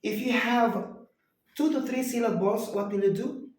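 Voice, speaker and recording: A man's voice: extremely high pitch, normal speed, darkish tone. Male tutor, patient question-and-answer drilling; roomy echo. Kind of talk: one-on-one grammar lesson. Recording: very echoey room.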